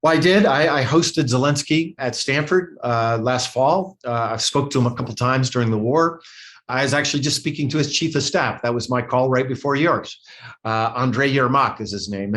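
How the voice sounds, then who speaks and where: Older American man, interview guest; earnest, conversational, restarts often, mid-range voice. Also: medium pitch. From United States. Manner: earnest, repeats words, many "you know" and "uh" fillers. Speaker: former ambassador, interview guest.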